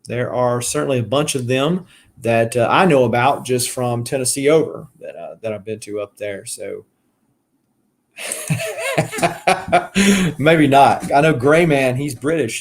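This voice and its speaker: This is a man with a Southern US accent, chatting casually on a live stream about his collecting hobby. His voice sits at an ordinary middle pitch. He rambles, fills his sentences with "uh" and "you know", and stops to answer viewers' comments. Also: lively intonation, slow, long pauses. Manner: rambling, many fillers and restarts. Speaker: collector channel host.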